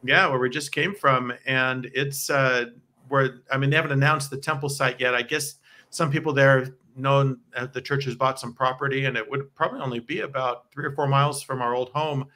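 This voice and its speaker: A chatty American man with a bright, forward voice, talking in an easy, explanatory way and laughing now and then. He sounds like a co-host in a relaxed conversation from home. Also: mid-range voice, moderate pace. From United States. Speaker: podcast co-host. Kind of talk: casual chat about church talks. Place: home in Provo, Utah.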